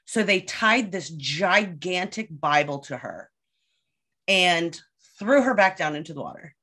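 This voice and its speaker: A woman guest on a podcast, casually telling a story with lively delivery and acted-out quotes. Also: on the low side, measured pace, slightly rough. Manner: lively storyteller who acts out quoted voices.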